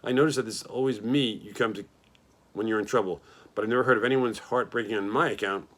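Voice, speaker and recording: A man's voice: fairly low pitch, fairly even intonation, fast talker, a bit bright. A man voicing a grumpy, selfish male rat who talks in a mocking, complaining way.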